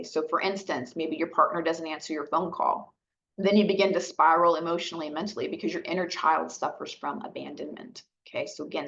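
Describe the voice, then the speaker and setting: A woman outreach specialist giving a gentle, conversational educational talk, often checking in with her listeners. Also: lowish voice, highs cut off. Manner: gentle, conversational, frequent "right?" and "okay?" checks.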